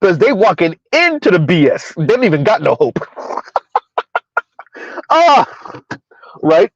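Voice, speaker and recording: Male livestream commentator, thirties, repetitive and wry, somewhat high voice, lo-fi dry sound. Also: sing-song, a little fast, no room sound. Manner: rambling, repeats himself, laughs at own jokes.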